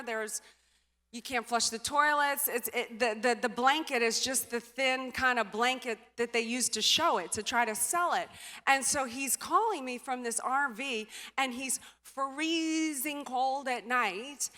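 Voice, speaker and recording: A woman giving a motivational speech as personal storytelling, animated, acting out dialogue and trailing off with filler sounds. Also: a little high. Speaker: motivational speaker. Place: stage in a large venue. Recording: reverberant hall.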